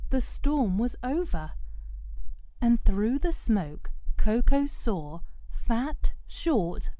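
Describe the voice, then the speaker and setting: A woman narrating a children's story aloud in a gentle, expressive way. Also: mid-range voice, dry recording.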